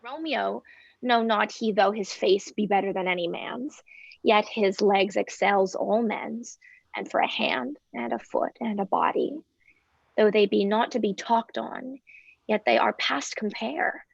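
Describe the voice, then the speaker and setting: A woman's voice: mid-range voice, measured pace, vocal fry, slightly rough, dry recording, dull audio, exaggerated voice. A woman reading the part of a weary, teasing old nurse in a table read of a play, complaining with groans and whispered asides.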